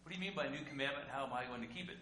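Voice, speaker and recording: A man's voice: mid-range voice, racing, pushed and bright, lightly acted. A man voicing an impulsive, eager male disciple who protests and presses with questions. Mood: pressing. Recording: echoey room with faint hum.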